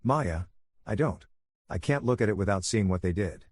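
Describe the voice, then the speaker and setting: A teenage girl speaks low and steady despite her hurt, as a man puts her on. The voice stays husky and dry, close and calm. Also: normal speed, no room sound. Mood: quiet. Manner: quiet, steady.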